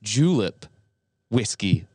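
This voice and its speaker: A man's voice: lowish voice, sing-song, takes it slowly, warm tone, breathy edge, dry recording. A man hosting a podcast, asking thoughtful follow-up questions in a casual conversation. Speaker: podcast host.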